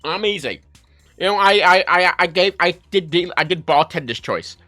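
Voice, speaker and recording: A man from Ireland, chatting casually on a livestream, telling stories in an animated, sweary way. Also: sits high, normal speed, no echo, soft background music. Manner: animated, sweary storytelling, reads chat aloud. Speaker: livestream host.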